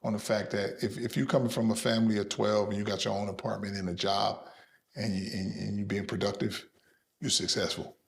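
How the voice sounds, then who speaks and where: A man's voice: fairly low pitch, brisk, creaky. A middle-aged man, an interview guest, telling boastful stories and acting out the voices of the people in them. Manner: boastful, lively, acts out quoted voices. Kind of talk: animated storytelling in an interview.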